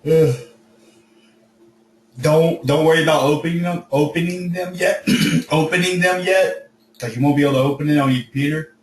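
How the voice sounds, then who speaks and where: A man teaching an online coding class in a relaxed, chatty, jokey way, his voice starting to go hoarse. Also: on the high side, moderate pace, roomy sound, distant mic, low-quality recording. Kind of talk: casual teaching over video call.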